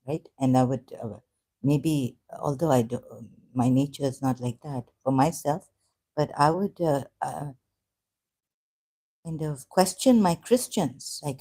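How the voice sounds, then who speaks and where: A native Urdu speaker with a dark, mellow tone and an ordinary middle pitch. The talk is a casual monologue on faith, hesitant and halting, with many fillers and self-corrections. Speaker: ex-Muslim vlogger.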